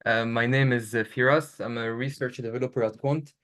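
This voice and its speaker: Halting man with constant fillers. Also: medium pitch, steady tone, fairly bright tone. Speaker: research developer. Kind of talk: casual self-introduction on a video call. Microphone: video call.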